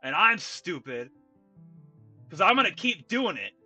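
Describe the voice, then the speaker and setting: A man's voice: high-pitched, big pitch swings, unhurried, pushed and bright, husky, faint music behind. A man streaming a video game, venting his frustration and cursing casually as he plays. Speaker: gaming streamer. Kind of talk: casual gameplay commentary.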